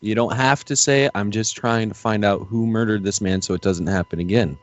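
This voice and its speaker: A man's voice: lowish voice, a little fast, no room sound, dull audio. A man playing a recruit in a tabletop role-play session, casual, playful and eager. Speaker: player.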